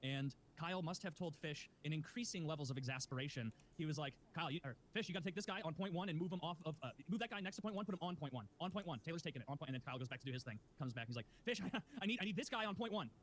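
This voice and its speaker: A man's voice: fairly high pitch, rapid-fire, slight background noise. A man co-hosting a casual chat, telling a game story with frequent laughter. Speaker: podcast co-host.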